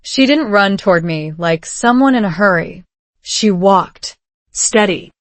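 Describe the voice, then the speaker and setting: A woman narrating a first-person story slowly and clearly, for learners. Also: medium pitch, lively intonation, dry recording. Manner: slow, clear reading for learners. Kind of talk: slow scripted story narration.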